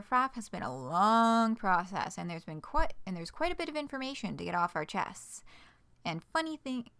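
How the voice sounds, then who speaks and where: A woman's voice: mid-range voice, a bit bright. A woman streamer reading a fan project announcement aloud, breaking off for playful, dry asides.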